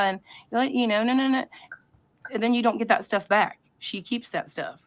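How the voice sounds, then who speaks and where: A woman's voice: on the high side, normal speed. A woman hosting a live stream, talking to her chat in a rambling, conspiratorial way and often interrupting herself. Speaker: livestream host.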